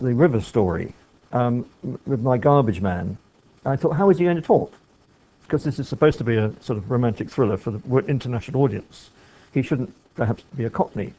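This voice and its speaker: A man's voice: medium pitch, dark tone, muffled recording. A man giving a reflective talk on film and writing, thinking aloud with frequent restarts and asides.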